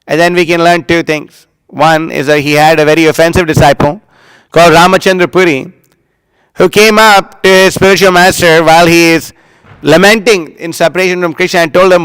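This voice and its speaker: A man's voice: high-pitched, brisk, fairly bright tone, clear, resonant tone, no echo, low-quality recording. Man giving a devotional class. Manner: chants Sanskrit verses, then explains with storytelling; emphatic, acts out quoted lines. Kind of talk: religious class talk.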